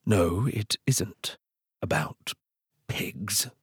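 A terse old sorcerer with a solemn, archaic way of speaking and a husky voice, as a man reads him aloud. He speaks slowly, with lively rises and falls in pitch. The recording sounds dry and close. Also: no echo, heavily acted. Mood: grudging.

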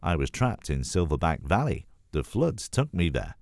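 A man's voice: low voice, very animated, normal speed, darkish tone, dry recording, clean studio sound. A man voicing a nervous, guilty male crocodile in a storybook reading. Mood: eager. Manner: anxious, apologetic.

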